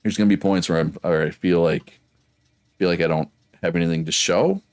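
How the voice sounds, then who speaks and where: A man's voice: sits low, steady tone, brisk. A man from Prince Edward Island with a local accent, chatting casually and rambling while streaming a game and reading chat. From Prince Edward Island, Canada.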